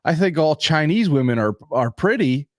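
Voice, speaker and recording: A man's voice: on the high side, big pitch swings, normal speed, dry recording, clean studio sound, pitched above the performer's own voice. A man voicing a grumbling old male store customer with a folksy, complaining manner.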